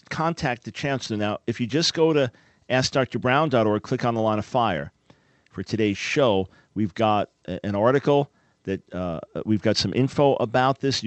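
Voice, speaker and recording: A man's voice: medium pitch, no echo. A man hosting a call-in radio show, explaining things in an earnest, emphatic way.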